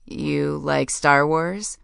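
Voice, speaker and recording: A guarded young man with a gruff, growling edge, as a woman reads him in an audiobook. His voice sits low and moves unhurried, each word spoken clearly. The sound is dry and close. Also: steady tone, dry recording, exaggerated voice. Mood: wary. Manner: gruff, terse.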